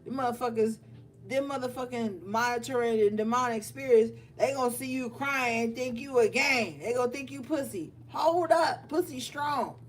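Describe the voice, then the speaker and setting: A woman's voice: on the high side, moderate pace. A woman giving a casual livestream tarot reading, talking bluntly with lots of profanity, scolding her viewers and laughing often. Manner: scolding, animated. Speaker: tarot reader. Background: faint music.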